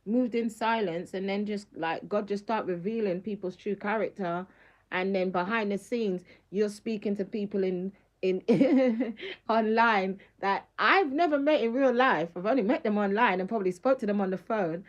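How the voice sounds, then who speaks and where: A woman's voice: medium pitch, normal speed, muffled recording. A middle-aged woman, talking on a casual live stream in an emphatic, slangy way and laughing often.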